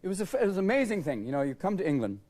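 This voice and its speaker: A man's voice: high voice, very animated, racing. A man in his forties riffing comically as a talk show guest, breaking into silly voices. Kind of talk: comedic talk show chat. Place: TV studio with live audience. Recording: loud audience laughter and studio noise.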